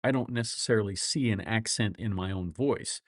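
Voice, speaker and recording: A middle-aged man with a flat Midwestern accent, a lawyer hosting a casual livestream, rambling through folksy stories and chuckling often. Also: lowish voice, normal speed, no room sound, studio quality. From grew up all over the world.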